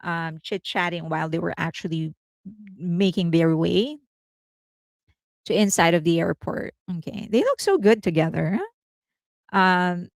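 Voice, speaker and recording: A woman hosting a casual entertainment news livestream, chatty and rambling, laughing often and thinking out loud. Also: fairly low pitch, unhurried, creaky, pauses often, dry recording.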